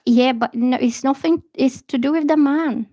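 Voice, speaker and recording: Woman livestream tarot reader, bluntly animated, higher voice, dry close sound. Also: moderate pace, dry recording. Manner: blunt, animated storytelling with acted quotes. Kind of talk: casual livestream chat. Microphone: phone or laptop.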